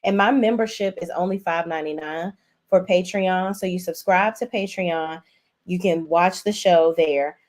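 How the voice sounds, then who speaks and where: A woman in her forties hosting a casual livestream, recapping a drama episode and speaking directly to viewers in a chatty, animated way. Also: on the low side, moderate pace. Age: 40s. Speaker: host. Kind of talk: casual livestream show review.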